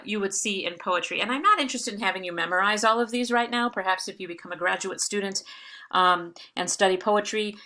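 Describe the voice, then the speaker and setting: A woman's voice: mid-range voice, bright, forceful tone. A woman teaching in a recorded lecture video, explaining patiently with frequent fillers and restarts. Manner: reads verse with exaggerated stresses.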